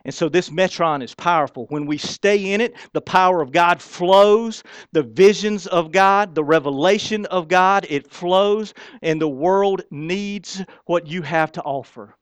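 A man's voice: high voice, a little slow, few pauses, clear, resonant tone, dry recording. A man who is a pastor preaching a sermon in a folksy, emphatic way with casual slang.

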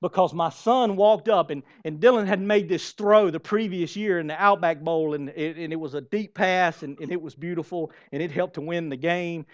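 A man's voice: fairly high pitch, moderate pace, few pauses. A man preaching a sermon, emphatic and storytelling, repeating phrases for effect. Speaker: pastor. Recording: dull lo-fi sermon recording.

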